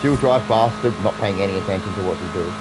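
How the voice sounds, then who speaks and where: Excitable swearing woman streamer. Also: very deep voice, quick pace, very noisy. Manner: excitable, swears freely, teasing banter. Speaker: gaming livestreamer. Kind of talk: casual live gaming commentary.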